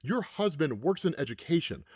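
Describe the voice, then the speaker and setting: A man's voice: fairly high pitch, big pitch swings, moderate pace, a little mellow, slightly rough, no echo, studio quality. A man doing a smug scheming old boss. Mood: condescending. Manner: dismissive, condescending.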